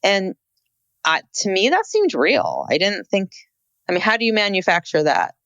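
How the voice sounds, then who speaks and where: A woman's voice: medium pitch, moderate pace, dry recording. A woman co-hosting a podcast, talking over a true crime documentary in a casual, reflective way. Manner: animated, reflective, with many restarts. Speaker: podcast co-host. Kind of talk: casual chat about a documentary.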